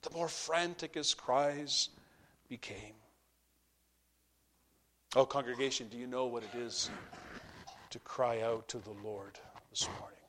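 A pastor preaching a sermon to his congregation, impassioned, swinging between loud peaks and hushed drops. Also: mid-range voice, slow pace, long pauses, slight background noise.

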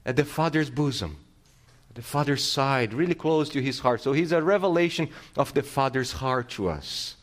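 A man pastor preaching a sermon, teaching with rhetorical questions and restarting phrases, swinging his loudness and pace for emphasis. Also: mid-range voice, expressive, moderate pace.

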